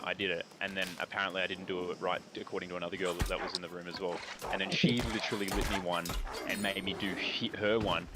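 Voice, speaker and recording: A young Australian man casually telling a rambling story, swearing often and filling his talk with "like". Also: low voice. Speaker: streamer. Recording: noisy stream audio.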